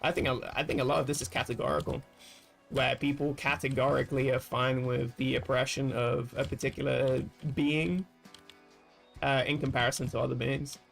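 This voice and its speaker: A man's voice: mid-range voice, flat delivery, normal speed, vocal fry, faint music behind. A man streaming while gaming, thinking aloud in loose, rambling casual chat with frequent swearing. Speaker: livestreamer.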